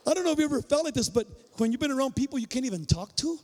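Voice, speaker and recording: A male pastor from a Mexican-American migrant family, preaching with stories, acting out dialogue and shouting for emphasis. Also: very high voice, lively intonation, very fast. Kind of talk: sermon with storytelling. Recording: long reverb of a large hall.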